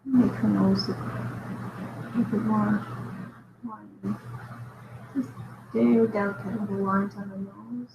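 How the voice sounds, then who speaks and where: A woman's voice: mid-range voice, takes it slowly, gravelly, long pauses. A woman hosting a live drawing show, chatting casually and thinking aloud with little giggles as she sketches. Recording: dull echoey recording with steady background noise.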